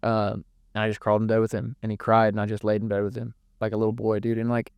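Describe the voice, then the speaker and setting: A man's voice: on the low side, monotone, fast, darkish tone, smooth, no room sound. A young man giving an earnest, emotional podcast interview, swearing freely and repeating words as he talks. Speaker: podcast guest. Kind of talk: candid emotional interview talk.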